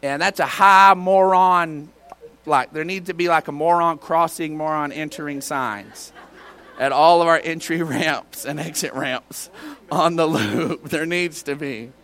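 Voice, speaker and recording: A man's voice: on the high side, unhurried. Folksy preacher man. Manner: folksy storytelling with bursts of shouting. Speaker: pastor. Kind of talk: sermon. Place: church.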